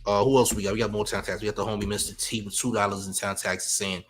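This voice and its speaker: Bright-voiced man roasting his chat. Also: on the low side, a little fast, hardly any pauses, slightly rough. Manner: teasing, trash-talking chat. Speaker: livestream host. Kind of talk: casual livestream commentary.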